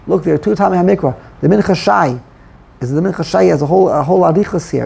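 A man leads a Torah study class with a gravelly, husky voice. He explains the text, weaving Hebrew terms into his English. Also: sits high, expressive, fairly quick, mellow.

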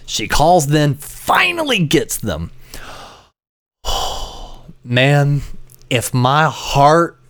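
A man's voice: fairly high pitch, very slow, long pauses. A man hosting a podcast, telling a story in casual chat and acting out the voices of the people in it. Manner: animated, acts out the other voices in his stories. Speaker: podcast host.

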